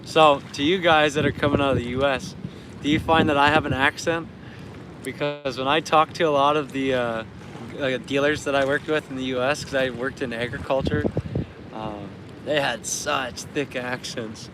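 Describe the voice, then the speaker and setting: A man's voice: medium pitch, steady tone, normal speed, noisy background. A Canadian man chatting casually on a live stream while fishing outdoors. He laughs often and tells anecdotes. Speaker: livestream host.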